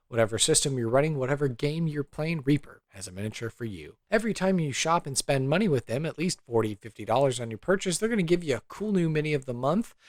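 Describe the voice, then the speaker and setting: A man's voice: mid-range voice, dry recording. A man hosting a tabletop podcast, asking questions in an easygoing, conversational way. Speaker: podcast host and game master. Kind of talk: casual interview and ad read.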